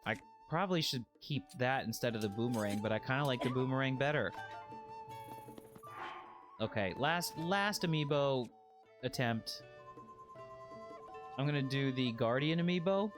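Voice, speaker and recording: A man streaming a video game, chatting in a playful, joking way and breaking into excited squeals. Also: mid-range voice, normal speed, long pauses, over music. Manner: puts on a put-on accent by habit. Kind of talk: casual let's-play commentary.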